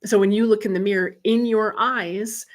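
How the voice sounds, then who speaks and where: A woman's voice: mid-range voice, fairly even intonation, moderate pace. A middle-aged woman, a medium and life coach, hosting a casual livestream, chatting candidly and reading viewer comments aloud.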